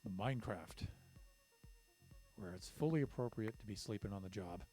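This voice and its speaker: A man's voice: on the low side, normal speed, dark tone, faint music behind. A man streaming a building game, counting blocks aloud and talking to himself as he works. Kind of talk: casual commentary while building in a game.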